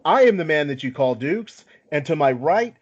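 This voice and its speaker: A man's voice: fairly high pitch, lively intonation, fairly quick. A man hosting a casual podcast chat, easygoing and self-deprecating, with lots of filler words. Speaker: podcast host. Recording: slightly dull lo-fi audio.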